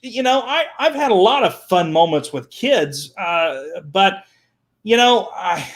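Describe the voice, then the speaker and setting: A man telling animated stories as a guest on a talk show, repeating words and acting out the people he quotes. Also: high-pitched. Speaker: guest, children's entertainer. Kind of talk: animated storytelling.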